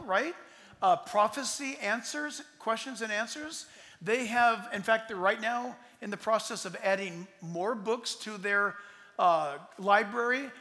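A man in his sixties, a pastor answering audience questions in an emphatic, rambling way that swings between loud and soft. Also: sits high. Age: 60s. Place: large hall with audience. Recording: long hall reverb.

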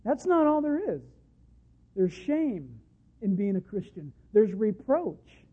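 A man's voice: high-pitched, sing-song, takes it slowly, slightly rough. A man preaching a sermon with passion, now and then acting out quoted voices. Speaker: pastor. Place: church service. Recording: tinny phone-like sound.

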